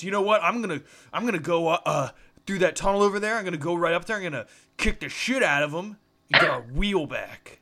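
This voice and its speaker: A man playing his character in a tabletop game, stammering through lines with a playful, swearing manner. His voice sits a bit high and has a bright, forceful edge. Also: expressive, fast talker. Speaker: player. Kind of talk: in-character tabletop role-play.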